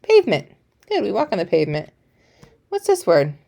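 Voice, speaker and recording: A woman's voice: on the low side, sing-song, fairly quick, vocal fry, dark tone. A woman teacher giving a recorded phonics lesson to young children, encouraging and playful, praising often.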